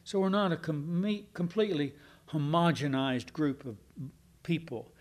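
A male pastor delivering an evening sermon to his congregation. He speaks very slowly and deliberately, leaning hard on key words, and his voice sits a little higher than most men's. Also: expressive. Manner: emphatic, with slow deliberate stresses and spoken fillers.

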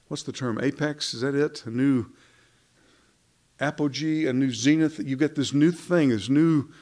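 Man preaching a wry, conversational sermon. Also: medium pitch. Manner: conversational, wry, asks many rhetorical questions. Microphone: microphone.

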